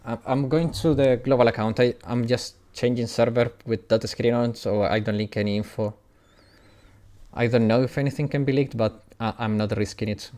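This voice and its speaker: A man's voice: medium pitch, fairly even intonation, moderate pace, darkish tone. A man from Italy, whose first language is Italian, speaks with an Italian accent and chats casually with viewers while streaming a game, often laughing. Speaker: gaming streamer. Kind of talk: casual live-stream chat.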